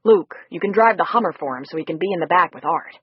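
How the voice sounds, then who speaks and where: Reader doing an old general guy, brisk and in charge, breathy, dry sound. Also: high-pitched, no room sound, highs cut off. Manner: brisk, giving instructions. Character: older retired general, calm and in charge.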